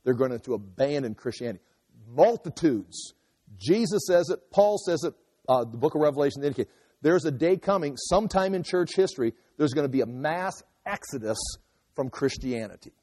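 A man's voice: a little high, animated, normal speed, mellow. A man giving a conversational verse-by-verse Bible teaching, explaining as he goes and acting out quotes. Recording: long hall reverb.

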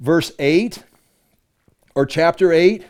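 A man's voice: fairly high pitch, slow, a little mellow. A man teaching a conversational Bible-study sermon, reading verses aloud with emphasis and explaining them with rhetorical questions.

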